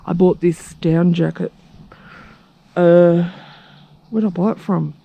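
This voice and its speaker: Husky, gravelly Australian woman vlogging. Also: lowish voice, steady tone, slow pace, highs cut off. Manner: chatty, cheeky, drops into asides. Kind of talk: casual vlog monologue. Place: outdoors at a rural retreat at dawn.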